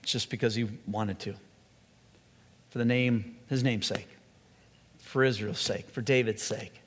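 A man's voice: fairly low pitch, steady tone. Earnest male preacher in a reverberant hall. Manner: earnest, with slow emphatic phrases and frequent restarts. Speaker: pastor. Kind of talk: sermon.

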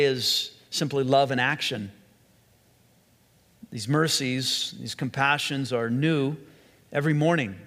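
A man delivers an earnest sermon as a pastor, slowing down to lean on key phrases and often restarting mid-sentence. His voice sits at an ordinary middle pitch. A long reverb trails each line, as in a large hall. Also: a bit bright. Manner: earnest, with slow emphatic phrases and frequent restarts.

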